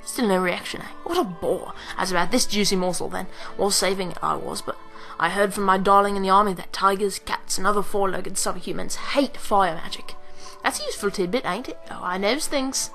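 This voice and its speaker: A woman's voice: medium pitch, fairly quick, a bit bright, soft background music, close to an everyday voice, poor audio. Brief: sly conspiratorial gossip in a game, whispery and slangy, a woman putting it on.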